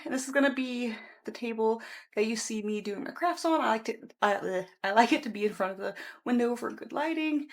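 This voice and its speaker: A woman vlogging casually from a room at home, chatting in a rambling way and correcting herself as she goes. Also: on the high side. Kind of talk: casual vlog chat.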